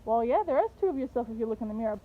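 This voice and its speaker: Woman home teacher, patient and coaxing, higher voice, lo-fi phone-like recording with faint background noise. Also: lively intonation, racing. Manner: patient questioning, coaxing answers. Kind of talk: teaching a young child, storytelling. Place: outdoors in a garden.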